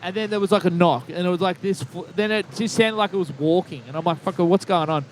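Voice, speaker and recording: A man's voice: high voice, fast talker, slight background noise. A man co-hosting a podcast, telling long rambling stories in casual chat, swearing freely and laughing at his own tales. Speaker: podcast co-host.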